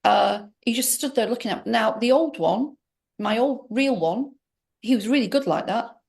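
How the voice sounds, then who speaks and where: Gravelly woman telling a personal story. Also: fairly high pitch, moderate pace, darkish tone. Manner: rambling, emphatic, with many restarts. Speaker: interview guest. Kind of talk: personal story told in conversation.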